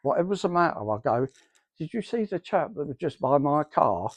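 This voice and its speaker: His voice sits on the high side, husky and sing-song, at a moderate pace with no room sound. This middle-aged church member rambles through his spoken testimony, acting out the quoted dialogue he remembers.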